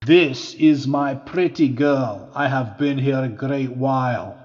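A demon speaking through a possessed girl, slow and scornful in its taunts, as a male reader puts it on. The sound is dull and lo-fi with a long, trailing reverb. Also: mid-range voice, natural voice. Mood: taunting.

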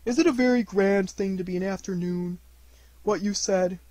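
Pooh, a man doing a soft-spoken honey bear. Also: sits high, moderate pace, no room sound, voice pushed up, natural voice. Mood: wondering. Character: gentle simple-minded male teddy bear, slow and kindly.

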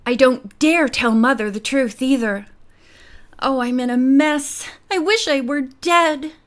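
A woman's voice: sits high, unhurried. A woman voicing a troubled, fearful young woman in an audiobook mystery, speaking in a subdued, miserable way.

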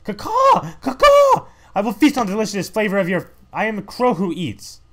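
A man's voice: high voice, fast, voice pushed up. A man voicing a squawking, menacing crow monster. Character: cawing male crow monster.

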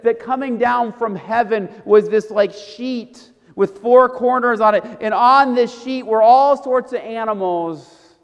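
Pastor, male, high voice, casual storytelling sermon, echoing church. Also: dull audio. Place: church sanctuary. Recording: church hall reverb.

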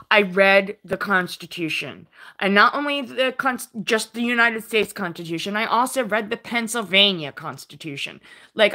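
A woman's voice: mid-range voice, bright, forceful tone. Earnest aggrieved woman vlogging. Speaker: independent journalist vlogger. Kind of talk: vlog monologue.

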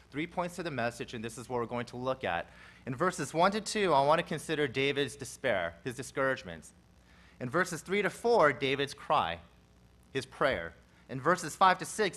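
Male pastor, sermon, higher voice, expository teaching, swings from soft to loud, church service. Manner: expository preaching, swelling loud on repeated cries then dropping soft.

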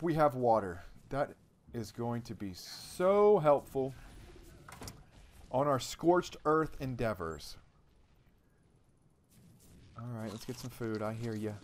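A man's voice: medium pitch, big pitch swings, a little slow, pauses often, a little hiss or hum. Guy goofing around while he plays a video game, chatty, talks to himself. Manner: playful, jokey, talks to himself while playing, volume swinging from loud to muttered. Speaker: gaming channel host. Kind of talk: let's-play gameplay commentary.

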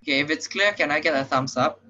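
A young man with a Singaporean English accent, voice on the high side and bright with a forceful tone, tutors programming online at a quick pace. He explains casually with lots of fillers, checks in with "right?", and is slightly out of breath. Audio comes through as muffled, lo-fi online call sound.

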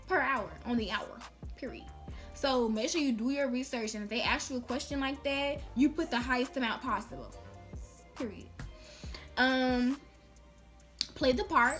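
Young woman vlogger, sassy and playful, slightly high voice over light music. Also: a bit bright. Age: young adult. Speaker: vlogger giving job tips. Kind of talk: casual chat to camera.

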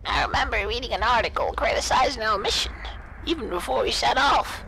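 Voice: medium pitch, lively intonation, brisk, vocal fry, bright, forceful tone, a little hiss or hum, voice pushed up, low-quality recording. A streamer voicing an old woman recording her reflections on a voyage, read in an earnest, reflective way.

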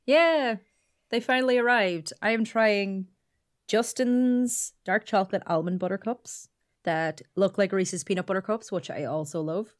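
A woman's voice: mid-range voice, measured pace. A woman with an Irish accent co-hosting a podcast in casual chat, chatty and playful, often laughing. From Ireland. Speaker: podcast co-host.

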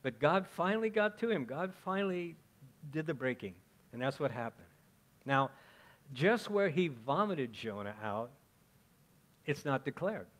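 A man's voice: on the high side, big pitch swings, a little slow, long pauses, a bit bright. A male pastor delivering a sermon in an easy, conversational way. He keeps checking in with his listeners and asks them questions as he goes. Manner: chatty, asks the congregation questions, frequent "okay?".

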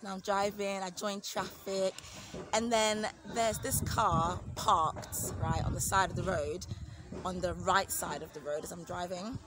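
A woman's voice: fairly low pitch, a little slow, noisy background. A woman in her thirties, a family vlogger at home, telling a casual story and acting out the voices of people she quotes. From United Kingdom. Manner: animated, acts out quoted voices.

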